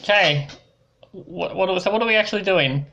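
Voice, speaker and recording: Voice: mid-range voice, moderate pace, sharp tone, lo-fi sound. A let's play host casually chatting and joking while playing a game. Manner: chatty, rambling, self-mocking. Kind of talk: casual gameplay commentary.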